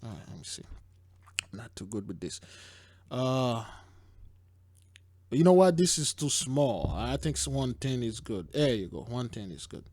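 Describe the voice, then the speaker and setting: A man's voice: mid-range voice, lively intonation, measured pace, pauses often, a little mellow, no echo. A man hosting a casual commentary, rambling, stumbling over words and exclaiming as he reacts to news clips. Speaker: host.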